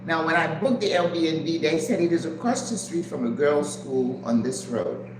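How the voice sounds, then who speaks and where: An older woman hosting a live stream, telling a story in an animated way and acting out the voices of people in it. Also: normal speed. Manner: animated, acts out voices with big pitch jumps. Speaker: channel host. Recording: echoey room with background noise.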